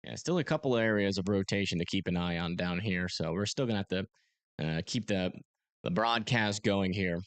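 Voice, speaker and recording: A young man hosting a live storm-tracking stream, talking casually and haltingly with many fillers as he reads radar. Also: low-pitched, dry recording. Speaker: storm-tracking livestream host. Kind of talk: live weather commentary.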